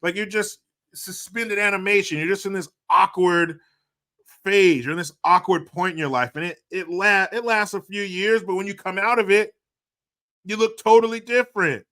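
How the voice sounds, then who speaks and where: A man streaming and commenting casually, sarcastic and profane, often getting loud and animated. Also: sits high, normal speed.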